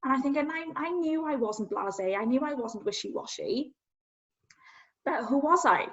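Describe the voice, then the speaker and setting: A woman guest shares her story earnestly, pausing often as she searches for words. Her voice sits slightly high. The sound is muffled and lo-fi. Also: lively intonation, fairly bright tone. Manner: earnest, halting, self-searching. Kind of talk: personal storytelling in interview. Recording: dull lo-fi sound.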